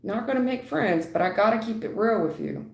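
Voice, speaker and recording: A woman's voice: on the high side, animated, a little fast, vocal fry, darkish tone. A woman giving blunt live tarot readings to viewers, calling them honey and sweetheart, lecturing and keeping it real. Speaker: tarot reader. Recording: echoey room.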